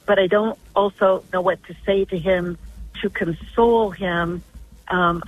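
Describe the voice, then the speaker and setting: Older woman on a tinny phone line. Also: mid-range voice. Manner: earnest, rambling storytelling. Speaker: caller. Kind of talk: phone-in radio call.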